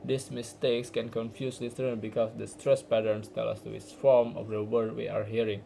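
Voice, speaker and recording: A man's voice: on the low side, little pitch movement, normal speed, creaky, mellow, slight background noise, low-quality recording. A young man, a university student from Indonesia, giving an earnest class presentation with small restarts. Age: young adult.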